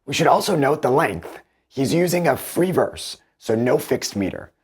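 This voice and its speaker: A man giving measured, analytical commentary as a book reviewer, comparing translations with animated emphasis. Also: mid-range voice, husky.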